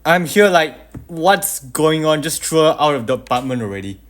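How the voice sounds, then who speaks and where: A man reacting to a clip in a measured, reflective commentary style. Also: a little high, lively intonation.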